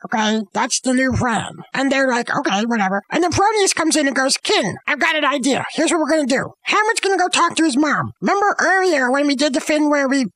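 A woman's voice: high-pitched, animated, brisk, hardly any pauses, a bit bright, no room sound. A woman voicing an earnest cat who retells a tragedy and insists that none of it is funny. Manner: earnest, insists everything is serious. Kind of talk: comedic storytelling.

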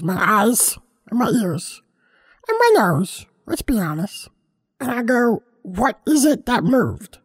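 A high-voiced, easily distracted house cat, played by a woman, talks through a comic monologue. She meanders, stops herself mid-thought and carries on with playful earnestness. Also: slightly rough, full character voice.

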